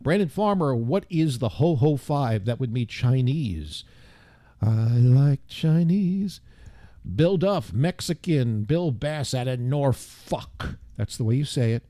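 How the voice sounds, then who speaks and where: A man's voice: medium pitch, sing-song, moderate pace, hardly any pauses, mellow, no room sound, clean studio sound. Wry, rambling male show host. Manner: wry, self-deprecating, meandering asides. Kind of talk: casual rambling monologue.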